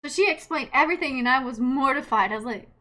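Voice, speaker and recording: A woman in her late twenties, a streamer telling stories in casual chat, animated, laughing often and swearing freely. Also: high voice, fast talker. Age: late 20s.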